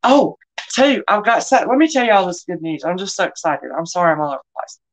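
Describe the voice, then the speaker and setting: A woman's voice: on the low side, animated, fairly quick, slight background noise. A middle-aged woman, hosting a live online sale in a chatty, folksy way and greeting viewers by name. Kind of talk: casual live-stream selling chat.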